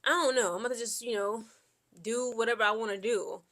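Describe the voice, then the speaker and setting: A woman's voice: on the high side, a little fast. A woman from Central Ohio, telling personal stories in a vlog. She rambles, fills her talk with "like" and "okay?", and acts out what other people said to her. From Central Ohio, USA. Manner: chatty and rambling, peppered with "like" and "okay?"; quotes people in lively back-and-forth. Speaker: Air Force veteran vlogger. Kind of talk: casual personal storytelling.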